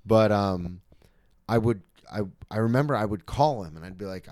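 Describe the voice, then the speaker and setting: Earnest lower-voiced man host. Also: normal speed, darkish tone, dry recording, studio quality. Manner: earnest and reflective, sometimes emotional. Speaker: podcast host. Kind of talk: candid podcast conversation.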